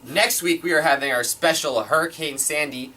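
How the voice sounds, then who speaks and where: A man co-hosting a casual sports chat show, joking and animated. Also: on the high side, moderate pace. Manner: animated, jokey, mock voices. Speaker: co-host. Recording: distant from the mic.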